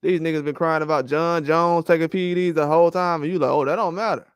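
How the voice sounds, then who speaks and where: Male boxing host, high smooth voice, dry close sound, loose rambling trash talk. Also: fast talker, dry recording. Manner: animated, rambling trash talk with frequent laughs. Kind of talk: casual boxing commentary livestream.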